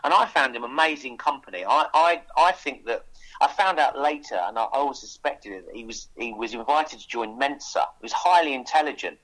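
A man's voice: medium pitch, animated, fairly quick, a bit bright, low-quality recording. A man chatting as a guest on a radio show, his mid-range voice rising and falling as he tells stories. He restarts his sentences often and pushes ahead with eager enthusiasm. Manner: enthusiastic storyteller with frequent restarts. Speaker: author guest. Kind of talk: casual radio interview chat.

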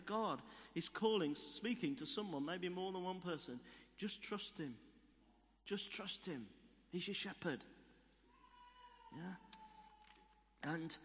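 A man's voice: high voice, a bit bright. A man preaching a sermon, telling stories and repeating key phrases for emphasis. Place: church hall. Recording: long reverb of a church hall.

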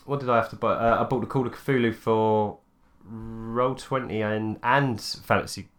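A man's voice: on the low side, fairly even intonation, normal speed. A man, co-hosting a casual podcast chat, agreeable and sweary. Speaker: podcast co-host.

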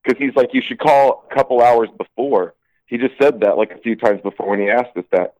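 A man's voice: mid-range voice, a little fast, darkish tone, highs cut off. Rambling man telling a work story. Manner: rambling, repeats "sure enough", acts out quotes. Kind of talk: casual storytelling.

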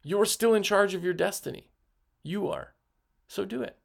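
A gravelly, slightly high-pitched man talks in a fired-up podcast pep talk. He rambles with fillers and restarts, and he gets worked up as he pushes his listeners on. His delivery is that of a sales rep in casual, passionate chat. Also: normal speed. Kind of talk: energetic motivational podcast talk.

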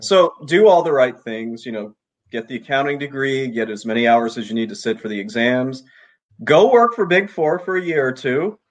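A man's voice: medium pitch, normal speed. A man co-hosting a casual late-night chat over a video call, reading donation messages and giving blunt, laid-back advice.

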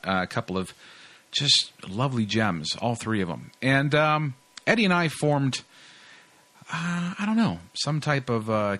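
A man hosting a comedy podcast talks in a loose, rambling way, stopping often to search for words. His voice sits at an everyday middle pitch, and he sounds relaxed and chatty. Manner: rambling, laid-back, full of fillers. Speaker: podcast host. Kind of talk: casual chat.

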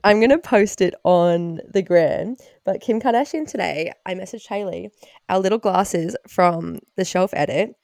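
A woman, co-hosting a podcast in casual chat, blunt and quick with frequent swearing. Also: mid-range voice, gravelly, a little mellow, no echo, studio quality. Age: 20s. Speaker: podcast co-host.

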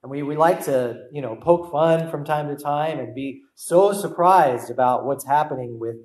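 A man's voice: on the high side, moderate pace, a little mellow, echoey room, poor audio. A young adult man preaching a sermon as a guest preacher, asking the congregation rhetorical questions and repeating key words for emphasis. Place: church.

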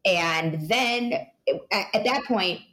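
A woman's voice: medium pitch, lively intonation, slow pace, fairly bright tone. A woman in her thirties, an interview guest telling a personal story in a rambling way, full of "you know" and restarts.

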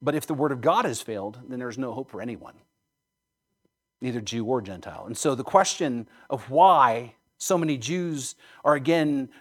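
A man's voice: medium pitch, lively intonation, moderate pace. A man preaching a sermon, earnest and emphatic, repeating phrases for emphasis and checking in with "right?". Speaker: pastor.

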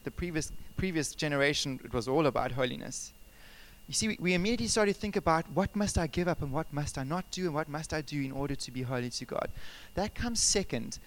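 Animated preaching man, smooth voice. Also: on the high side. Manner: animated, conversational, asks the congregation questions. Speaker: pastor. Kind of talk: sermon with personal stories. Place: church service.

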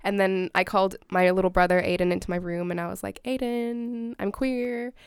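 A woman's voice: lowish voice, monotone, fast, gravelly, clear, resonant tone, no echo, clean studio sound. A young woman chatting casually, telling a story with lots of "like" and quoted dialogue. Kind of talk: casual chat.

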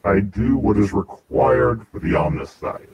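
A man voicing a zealous, arrogant male machine-cult priest villain, speaking in slow, solemn declamations. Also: on the low side, lively intonation, vocal fry, darkish tone, poor audio. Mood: cold.

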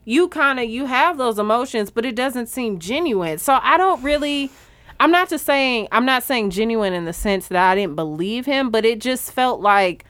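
Blunt, animated woman co-host. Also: medium pitch, clear, resonant tone, dry recording. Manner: animated, blunt and candid with slang and swearing. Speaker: podcast co-host. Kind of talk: casual chat.

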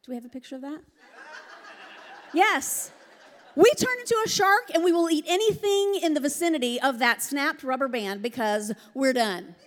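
A middle-aged woman preaching a lively, joking sermon. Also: high-pitched, moderate pace. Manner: lively, joking, laughs often. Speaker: pastor. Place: large church hall. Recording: long hall reverb.

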